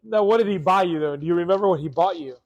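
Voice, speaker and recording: A man co-hosting a casual podcast keeps chiming in with side remarks and questions. His voice is a touch higher than most men's. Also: a little mellow, lo-fi sound. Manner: chatty, interjecting, quick asides. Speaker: podcast co-host.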